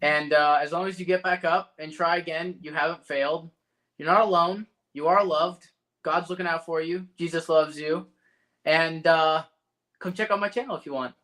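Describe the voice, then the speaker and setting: A man's voice: a little high, fairly even intonation, moderate pace, a bit bright. A young man appearing as a guest on a casual livestream, talking earnestly with some hesitant fillers. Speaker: guest, content creator.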